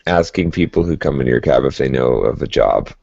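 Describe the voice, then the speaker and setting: A man's voice: very deep voice, animated, fast talker, creaky, dark tone, slightly rough, no room sound. A man co-hosting a podcast, telling a rambling story in casual chat and laughing as he goes. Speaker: podcast co-host. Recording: dull lo-fi podcast audio.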